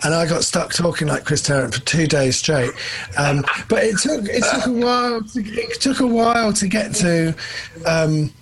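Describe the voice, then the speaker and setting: A man's voice: fairly high pitch, animated, normal speed, fairly bright tone, a little hiss or hum, low-quality recording. A man interviewing a guest in a casual chat, asking long rambling questions. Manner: rambling, many fillers and restarts.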